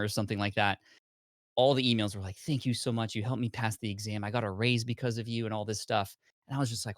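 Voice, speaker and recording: Lively low-voiced man telling his story. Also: quick pace, dry recording, studio quality. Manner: animated storyteller acting out his past self. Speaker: podcast guest. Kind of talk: storytelling in conversation.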